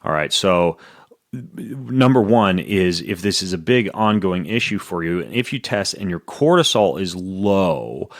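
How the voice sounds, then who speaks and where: A man's voice: sits low, animated, gravelly, no room sound, studio quality. A man hosting a podcast, chatting casually and joking his way through ad reads and health answers. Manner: playful, quick, jokey. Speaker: podcast host.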